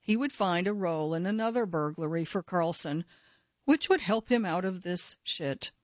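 A woman narrating a true-crime story in a measured, steady scripted delivery. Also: lowish voice, no room sound. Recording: slightly dull, dry studio sound.

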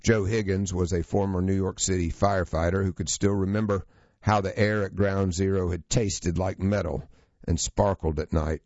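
A man reading a true story aloud as scripted narration, steady and measured. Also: sits low, dry recording, dull audio.

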